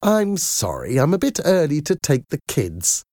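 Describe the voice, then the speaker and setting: A man reading a storybook voices a firm working mother who talks in a steady, apologetic way. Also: low-pitched, unhurried, pitched above the performer's own voice, exaggerated voice.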